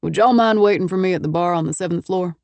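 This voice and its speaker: A woman narrator performs a rugged Texan businessman in an audiobook, speaking with a lazy, amused Texas drawl. His voice sits low and easy, and the read is dry and close to the mic. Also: fast, gravelly, darkish tone, dry recording. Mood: easygoing. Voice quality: easygoing, wry drawl. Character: confident Texan millionaire man, easy drawl.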